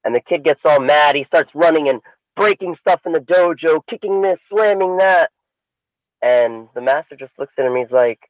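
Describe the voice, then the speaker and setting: A man co-hosting a podcast, telling a story in a casual, animated way. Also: moderate pace, no room sound, dull audio. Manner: animated storyteller, swings pitch for emphasis. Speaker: podcast co-host.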